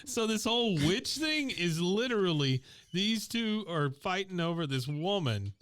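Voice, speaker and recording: A man's voice: high-pitched, sing-song, unhurried, a bit bright. A man co-hosting a casual podcast, reacting with mocking disbelief. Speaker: podcast co-host. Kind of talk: casual chat.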